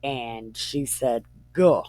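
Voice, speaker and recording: A weary servant woman tells her story in halting, broken phrases, as a woman puts her on. The delivery is slow, and the sound is dry. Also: very deep voice, darkish tone, no echo, full character voice.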